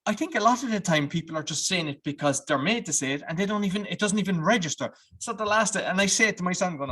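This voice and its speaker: A man's voice: fairly high pitch, fast, few pauses, a bit bright, husky. A man hosting a podcast, chatting casually, with loose restarts and fillers. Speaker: podcast host. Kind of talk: casual interview talk.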